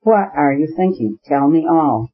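A man's voice: lively intonation, a little slow, husky. A man voicing an earnest, loving young woman in a storybook reading, his voice lifted and pleading. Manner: raised pitch, eager and pleading. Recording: slightly muffled audio.

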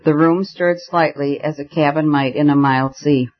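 A man reading a novel aloud in first person, with a measured storytelling delivery, in a slightly muffled recording. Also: on the high side, fairly even intonation. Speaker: audiobook reader.

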